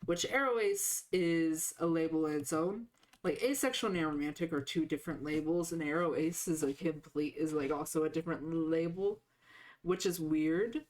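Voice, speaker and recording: Woman streamer chatting while she plays, sore throat, voice sits real low, rambly w lots of likes. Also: moderate pace, darkish tone. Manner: rambling, full of "like" fillers and restarts. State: sore throat, voice lower than usual. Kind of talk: casual live-stream chat while playing a game.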